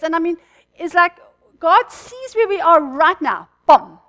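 A woman teaching a church group in an informal, fast-talking sermon, chatting with the listeners and laughing between points. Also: very high voice, expressive, fairly bright tone. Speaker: church speaker.

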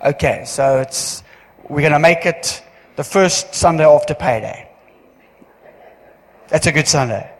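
A man giving church notices as pastor, chatty and joking, with halting restarts. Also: on the high side, lively intonation. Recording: long hall reverb.

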